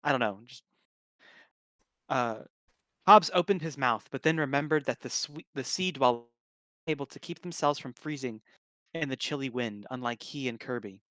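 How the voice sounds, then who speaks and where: A man's voice: mid-range voice, normal speed, pauses often, fairly bright tone, no echo. A man reading a story aloud on a live stream, casually breaking off to comment. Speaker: story reader, stream host.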